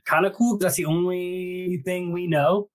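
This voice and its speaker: A man co-hosting a book podcast, reading passages aloud and chatting casually, recorded in a small closet. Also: fairly even intonation. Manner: reads the epigraph slowly and low, then chats playfully. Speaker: podcast co-host.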